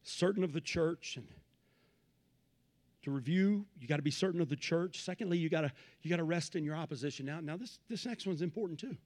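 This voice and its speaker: A man preaching a Pentecostal sermon, swinging from low asides to shouted peaks and repeating phrases in a rhythmic build. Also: fairly quick. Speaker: pastor.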